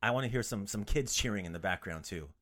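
A man hosting a podcast language lesson in a playful, casual way, joking around and repeating words slowly for learners. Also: fairly low pitch, lively intonation, a bit bright.

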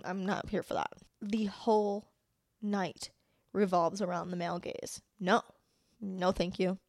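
A woman's voice: mid-range voice, no echo, studio quality. Blunt, profane young woman podcaster. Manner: blunt, profane, lots of "like" fillers. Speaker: podcast host. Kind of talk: casual solo podcast rant.

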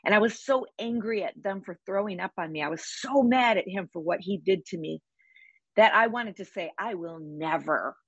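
A woman talking on a podcast with a husky, slightly low voice. She speaks with energy and emphasis, plainspoken and fond of vivid sayings. The sound is dull and dry. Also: moderate pace, no room sound. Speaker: podcast guest. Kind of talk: conversational interview.

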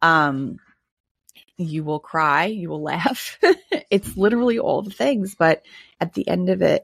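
A woman's voice: low voice, vocal fry, slightly rough, dry recording, clean studio sound. A woman hosting her own podcast, talking candidly in a chatty way with frequent laughs and filler words. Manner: candid, chatty, laughs often, many ums. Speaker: podcast host. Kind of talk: casual solo podcast monologue.

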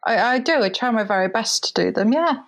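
A woman's voice: a little high, animated, fairly quick, a bit bright. A woman guest in a casual chat, friendly and a little hesitant, often repeating words as she talks.

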